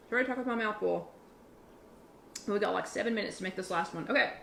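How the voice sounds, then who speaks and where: A woman's voice: mid-range voice, quick pace, vocal fry, long pauses, noisy background. A woman hosting a casual live cooking chat from her home kitchen, talking in a chatty, rambling way and restarting her sentences. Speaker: online workshop host.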